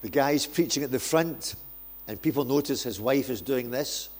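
Male guest preacher, playful and self-mocking, warm-up jokes into prayer. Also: medium pitch, normal speed. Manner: jokey, self-deprecating storyteller. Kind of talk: sermon with humorous anecdotes. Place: church.

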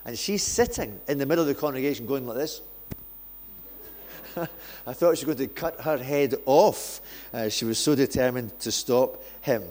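A man's voice: mid-range voice, lively intonation, moderate pace, darkish tone. A man, a guest preacher in a church, telling self-deprecating jokes before he prays and preaches. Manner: jokey, self-deprecating storyteller. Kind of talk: sermon with humorous anecdotes.

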